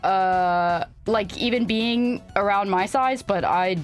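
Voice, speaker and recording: A woman's voice: mid-range voice, slow pace, faint music behind. A young woman streaming live, chatting casually with her viewers, rambling with lots of "like" and laughing often. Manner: rambling, filler-heavy, laughs often, reads chat aloud. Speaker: VTuber streamer.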